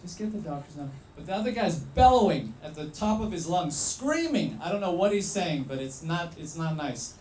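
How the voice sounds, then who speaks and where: A man telling a true story live, in an animated, wry way with pauses for effect. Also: high-pitched, reverberant, slight background noise.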